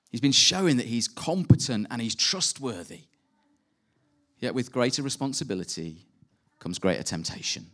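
Male preacher, relaxed conversational sermon delivery, breaks into lively rhetorical asides. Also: mid-range voice.

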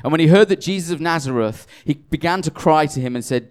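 A man's voice: a little high, fast talker, clean tone. A tired man preaching a conversational sermon, self-deprecating and chatty, often restarting his sentences.

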